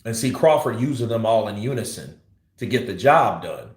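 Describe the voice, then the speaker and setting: A man's voice: lowish voice, very animated, normal speed, roomy sound, a little hiss or hum. A man hosting live boxing commentary, blunt and profane, ranting and teasing as he talks. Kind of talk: livestream commentary.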